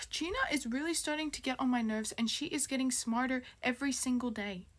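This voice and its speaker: A woman's voice: high-pitched, fairly quick. A woman YouTuber in a storytime vlog, reacting dramatically with exclamations and sudden whispers.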